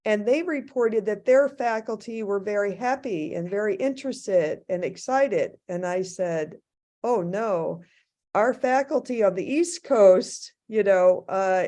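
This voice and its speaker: A woman speaking as a faculty panelist in an academic discussion, thoughtful and halting, with many restarts. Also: medium pitch, dark tone.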